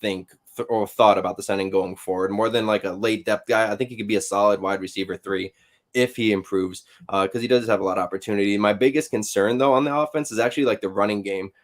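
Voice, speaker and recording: A man giving measured, analytical commentary as a guest on a sports podcast, with frequent hesitations. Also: on the low side, fairly even intonation.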